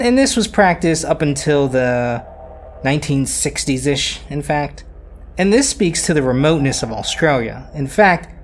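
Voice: mid-range voice, a little hiss or hum. A podcast host narrating history casually, often repeating words and making self-deprecating asides.

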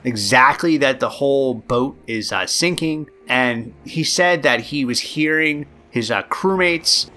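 A man's voice: medium pitch, a little slow, few pauses, bright, forceful tone. A man hosting a podcast, telling a true story casually and rambling with many ums and uhs. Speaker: podcast host.

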